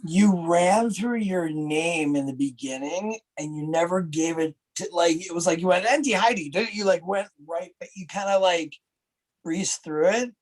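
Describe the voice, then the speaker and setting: A man giving animated, casual critique on a wrestling promo over a video call, acting out examples. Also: a little high, a little slow, poor audio.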